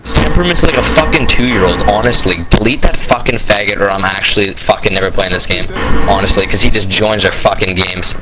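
A man's voice: on the low side, fairly quick, low-quality recording. A man ranting angrily over gaming voice chat, swearing constantly. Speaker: gamer in voice chat.

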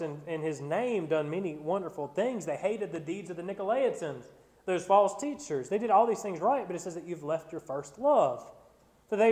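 Man preaching a Bible study, pitched high, earnest and emphatic, in a big echoing sanctuary. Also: a little mellow. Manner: reads scripture slowly, then preaches with rising emphasis; repeats words when restarting. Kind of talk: sermon. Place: church sanctuary. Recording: church sanctuary with long reverb.

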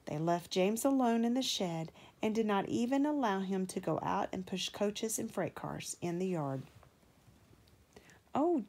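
A woman reading a children's storybook aloud, slow and expressive, with voices for the characters. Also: medium pitch.

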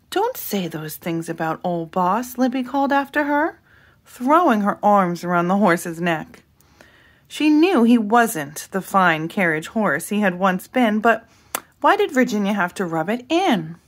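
A woman reading a children's picture book aloud in an expressive narrating voice. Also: medium pitch, unhurried. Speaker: storybook reader.

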